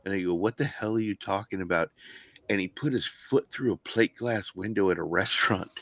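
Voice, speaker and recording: A man's voice: fairly low pitch, fairly quick, fairly bright tone, no room sound. A man co-hosting a casual podcast, telling a rambling story with lots of swearing and repeated words. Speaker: podcast co-host.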